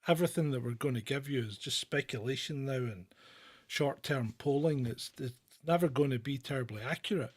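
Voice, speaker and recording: A man's voice: mid-range voice, brisk, husky. Chatty joking male political show host. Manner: chatty, joking, with frequent fillers and restarts. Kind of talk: casual political commentary.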